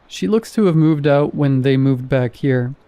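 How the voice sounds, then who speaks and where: A curious adult sister in a storybook horror tale, as read by a man in his own mellow voice. She asks plain, practical questions. Her tone is unhurried and warm. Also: mid-range voice, dry recording, natural voice.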